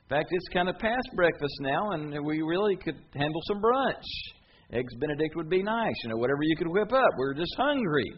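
A preacher's take on a grumbling crowd, whiny and pushy, sarcastic with every line. The voice sits higher and louder, with a slightly dull recording and faint hum. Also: male voice, animated, fairly quick, natural voice.

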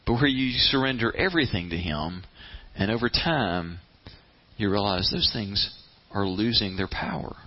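A man's voice: lowish voice, lively intonation, moderate pace. A man preaching a conversational sermon in a plain-spoken way, often repeating words as he goes and acting out people's inner voices. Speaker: pastor. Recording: slightly muffled, lo-fi.

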